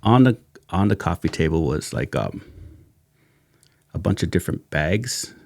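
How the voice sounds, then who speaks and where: A middle-aged man with a low, gravelly voice tells an old case in a loose, slangy way as a podcast guest. He laughs through his story and acts out every line he quotes. The sound is dry and close, with no room behind it. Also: moderate pace, no room sound. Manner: animated, laughing, slangy retelling with acted quotes. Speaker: retired sheriff's detective, podcast guest. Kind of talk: casual storytelling chat. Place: podcast studio.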